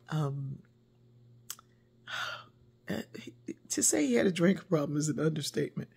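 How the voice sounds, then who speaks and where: Husky older woman telling family stories. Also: deep voice. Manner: animated storyteller who laughs often, acting out voices. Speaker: speaker telling a personal story. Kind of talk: personal storytelling.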